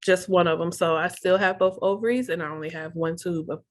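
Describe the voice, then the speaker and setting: A woman's voice: lowish voice, steady tone, brisk. Candid woman telling her loss story. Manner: earnest, candid, reenacts her inner thoughts. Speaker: guest sharing pregnancy loss story. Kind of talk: emotional personal storytelling.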